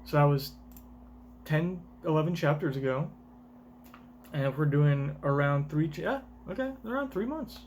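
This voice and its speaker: A man streaming a live manga reaction, rambling, swearing casually and thinking out loud. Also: fairly high pitch, animated, normal speed, pauses often, slight background noise.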